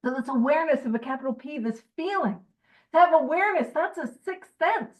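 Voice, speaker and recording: A woman leading a recovery group study, reading aloud and adding lively, joking asides. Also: high voice, fairly quick, poor audio. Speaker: meeting chair reading aloud.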